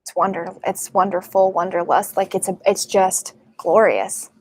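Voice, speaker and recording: A woman working as a psychic medium, talking casually and excitedly to her viewers, full of fillers and "like". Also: medium pitch, moderate pace. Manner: chatty and excitable, many fillers and likes. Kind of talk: casual spiritual talk to camera.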